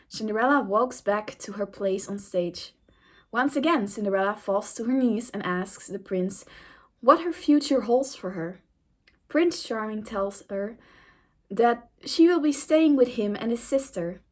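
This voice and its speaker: A woman's voice: medium pitch, expressive, measured pace. A young woman and YouTuber reading an AI-written story aloud in a casual, amused way.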